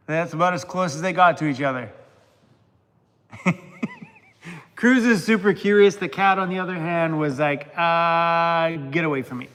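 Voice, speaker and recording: A middle-aged man chats loosely on a livestream, reading out member names and laughing often. His voice sits a little high for a man, and a long reverb trails his words. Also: expressive, a little slow, long pauses, fairly bright tone, a little hiss or hum. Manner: chatty, laughs often, talks to his dog. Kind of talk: casual livestream chat.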